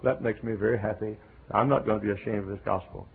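A gravelly, husky male preacher from the American South delivers an emphatic revival sermon, swinging from quiet earnestness to fervent shouts. The recording is tinny and narrow, like an old tape heard over a phone line. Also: fairly low pitch, fairly even intonation, brisk. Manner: emphatic, preachy, shouting bursts, sings a hymn.

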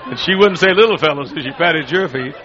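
A man preaching a sermon, telling a folksy, humorous story with loud bursts. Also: a little high, fairly quick, a crowd in the background, noisy background. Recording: dull lo-fi recording.

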